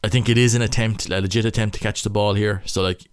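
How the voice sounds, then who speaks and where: Irish man, young, low smooth voice, stop-start casual rugby analysis. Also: steady tone, fast talker. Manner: stop-start, thinking aloud. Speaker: rugby player analysing match footage. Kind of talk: casual match breakdown commentary.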